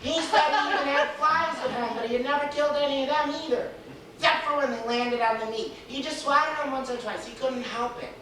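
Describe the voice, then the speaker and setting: Playful high-voiced woman storyteller. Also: fairly quick, crowd noise. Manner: playful, laughing often. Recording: echoey room, distant mic, noisy.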